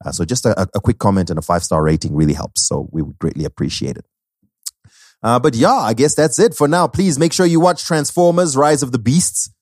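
A man's voice: mid-range voice, brisk, no echo, clean studio sound. A man co-hosting a podcast, wrapping up the episode with playful plugs and jokes. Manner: playful, lively, joking. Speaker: podcast co-host.

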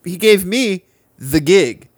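A man's voice: high-pitched, expressive, slow, no echo, clean studio sound. A young man co-hosting a casual podcast, joking and swearing as he talks about a gig with his bandmates. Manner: joking, profane, slips into mock British voices. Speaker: band member, podcast co-host. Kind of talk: casual banter.

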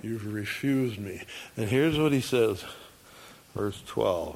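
A man's voice: on the low side, expressive, gravelly, a little mellow. A man preaching a sermon, reading scripture and acting out the people in the story with emphasis. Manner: slow, emphatic, acts out quoted voices.

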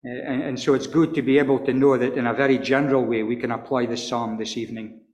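A man preaching an earnest expository sermon, stumbling and repeating words, and reading scripture slowly in old-fashioned wording. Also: mid-range voice, steady tone, a little mellow. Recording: echoey hall with long reverb.

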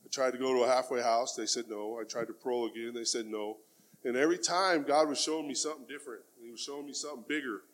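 A man's voice: medium pitch, fairly even intonation, fast. A middle-aged man giving a heartfelt personal testimony in plain, casual speech, often dropping in the word "man". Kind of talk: earnest spoken testimony.

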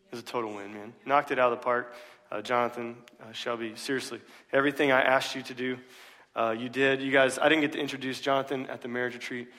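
A man preaching a sermon to his church in a relaxed, joking way, full of "uh" fillers. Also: medium pitch, fast talker. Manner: casual, joking, many "uh" fillers. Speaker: pastor. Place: church sanctuary. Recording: long reverb of a large hall.

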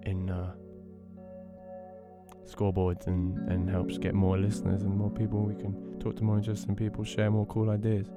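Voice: sits low, monotone, moderate pace, loud music behind the voice. A laid-back podcast host chatting casually in a rambling way with lots of fillers.

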